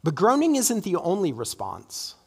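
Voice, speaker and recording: A man's voice: high-pitched, huge pitch swings, moderate pace, darkish tone, slightly rough, long reverb tail. A man preaching an earnest, emphatic sermon in a church, often tossing in "right?" asides. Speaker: pastor. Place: church sanctuary.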